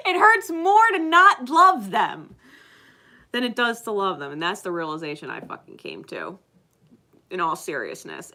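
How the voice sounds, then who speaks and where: Woman reader talking straight to camera, loose and profane, laughs a lot, bright voice. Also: mid-range voice. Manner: emphatic, swears constantly, laughs often. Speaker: spiritual card reader. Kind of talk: casual unscripted monologue to viewers.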